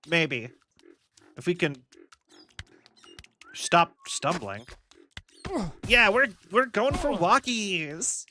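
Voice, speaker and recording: A man's voice: high-pitched, sing-song, extremely slow, pauses often, pushed and bright, a little hiss or hum. A young man streaming a game, chatting casually in rambling tangents and swearing at his mistakes from his home setup.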